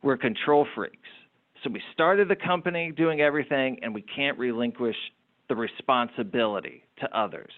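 A middle-aged man, a small business owner, telling anecdotes as a guest in an interview, animated and prone to repeating words. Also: mid-range voice, normal speed. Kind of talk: interview storytelling. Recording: phone-like narrow sound.

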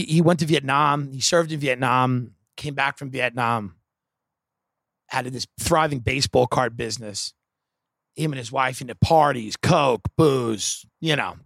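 A man's voice: mid-range voice, creaky, fairly bright tone, no room sound, clean studio sound. A man doing stand-up, telling a rambling story in a wry, profane way with many asides. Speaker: comedian.

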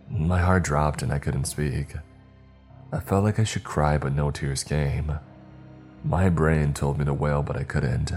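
A man narrating a scary story in a calm, measured storytelling manner. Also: rumbling low. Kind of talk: scripted horror story narration. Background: faint music.

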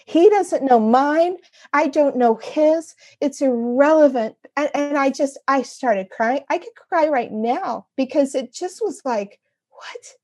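Woman, fairly high voice, earnest and emotional, halting storytelling, podcast guest. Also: animated, a little mellow. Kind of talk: heartfelt personal storytelling.

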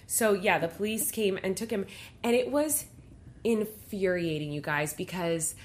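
A woman's voice: medium pitch, measured pace. A young woman hosting a casual podcast, telling a story in a chatty way and saying "like" a lot. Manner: chatty, heavy use of "like", animated retelling.

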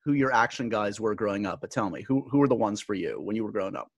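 Man in his forties, podcast host, animated pitch, joking, dry sound. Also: quick pace, no echo, highs cut off. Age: 40s. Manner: joking, stammering restarts, laughs easily. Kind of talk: casual interview.

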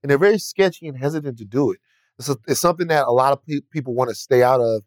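A man's voice: medium pitch, fast talker, dry recording. Rambling man in casual podcast talk. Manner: rambling, profane, restarts sentences. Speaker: podcast guest. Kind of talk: casual chat.

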